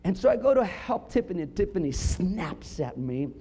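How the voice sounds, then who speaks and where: A middle-aged man preaching a sermon, telling funny stories with punchlines and building up to emphatic shouts. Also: sits high, very animated, moderate pace, breathy edge. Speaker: pastor.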